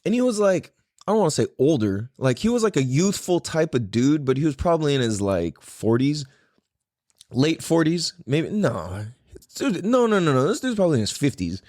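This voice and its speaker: Rambling male podcast host, lively voice. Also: a little high, normal speed, dry recording, clean studio sound. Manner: rambling, lots of fillers and "like"s. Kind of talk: casual solo storytelling.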